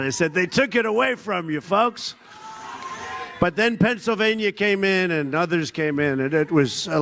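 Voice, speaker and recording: An older man speaks at a political rally in a high-set voice, loud and rambling, often shouting and slipping into mocking imitations. A faint hum of the crowd and venue sits behind him, and his words carry the push of a podium mic. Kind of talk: rally speech.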